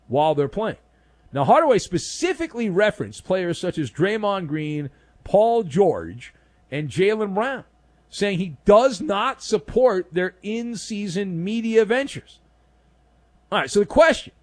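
A man hosting a sports talk show, giving sarcastic, opinionated commentary and acting out little skits. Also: high-pitched.

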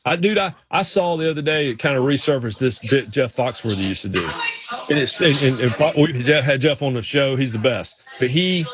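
A man's voice: mid-range voice, fairly quick, a crowd in the background. Rambling Southern man co-hosting a sports show. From North Carolina. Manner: rambling, animated storytelling. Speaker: sports talk show co-host. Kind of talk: casual radio show banter.

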